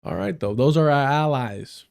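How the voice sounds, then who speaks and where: A man's voice: medium pitch, moderate pace, gravelly, a little mellow. A man hosting a livestream, giving heated and sarcastic political commentary with frequent swearing. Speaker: livestream host.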